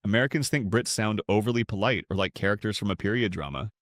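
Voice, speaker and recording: A man narrating a scripted explainer video in a playful way, with upbeat jumps in pitch. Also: fast, fairly bright tone, no echo, clean studio sound.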